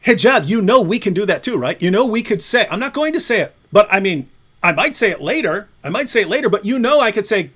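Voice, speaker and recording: A man's voice: sits high, lively intonation, brisk, fairly bright tone. A man hosting a livestream, ranting in a mocking, taunting way and laughing often. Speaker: livestream host. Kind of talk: provocative livestream rant.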